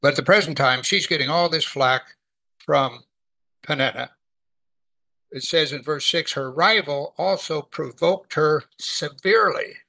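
A man preaching a sermon, teaching from the Bible in a conversational, animated way. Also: on the high side, unhurried, vocal fry, poor audio.

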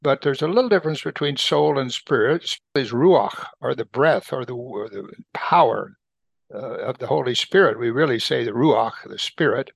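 A man slowly reading and explaining Bible verses, repeating phrases for emphasis in a deliberate teaching style. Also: medium pitch, vocal fry, husky, dry recording.

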